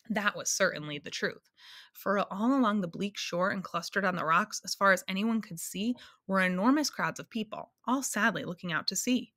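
A woman reading a children's book aloud in a gentle, measured way. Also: fairly low pitch, dry recording, studio quality. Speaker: storyteller.

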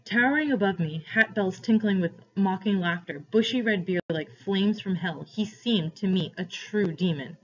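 Woman teacher, read-aloud narrator; husky, mid-pitched, dull lo-fi recording. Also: normal speed, hardly any pauses. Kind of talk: reading a novel aloud to students.

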